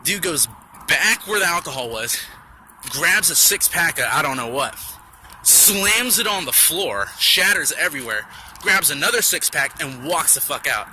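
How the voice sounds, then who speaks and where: Bright-voiced young man telling a story. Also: a little high, moderate pace, slight background noise. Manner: rambling, profane, animated. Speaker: vlogger. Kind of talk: casual storytelling.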